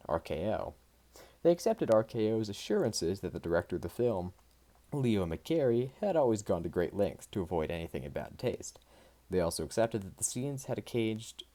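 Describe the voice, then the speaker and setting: Male nonfiction narrator, very low and dark voice, lively intonation, measured delivery. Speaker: audiobook reader. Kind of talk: scripted nonfiction audiobook narration.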